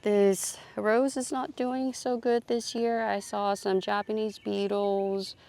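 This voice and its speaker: A woman's voice: mid-range voice, little pitch movement, takes it slowly, gravelly, mellow. A woman giving a casual, chatty tour of her outdoor garden, thinking aloud as she films on a phone. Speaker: gardening vlogger.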